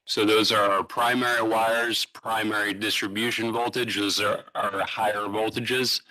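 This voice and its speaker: A man with a lowish, bright and forceful voice gives a slide presentation at a public city meeting. He explains step by step, stopping often to restart a phrase. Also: level tone, low-quality recording. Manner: halting, fillers and restarts, explanatory. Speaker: utility presenter. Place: city hall meeting room.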